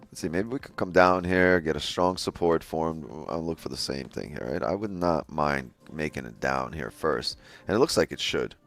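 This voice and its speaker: A man's voice: rumbling low, expressive, normal speed, a bit bright, soft background music. A man hosting a live day-trading stream, chatting casually with his viewers, laughing often and swearing freely. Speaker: day-trading livestream host.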